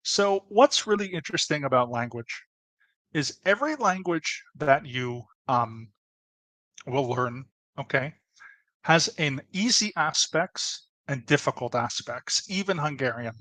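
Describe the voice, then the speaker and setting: A man's voice: on the high side, animated, unhurried, bright, forceful tone, no room sound. A man explaining in a casual, chatty way, with asides and restarts. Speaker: presenter. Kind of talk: casual educational talk.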